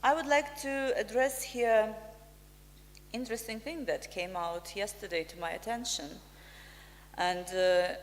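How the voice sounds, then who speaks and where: A woman from Ukraine, an ambassador giving a formal prepared speech in slow, deliberate, emphatic phrases. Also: mid-range voice. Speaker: ambassador, guest speaker. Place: press club function room. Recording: reverberant hall.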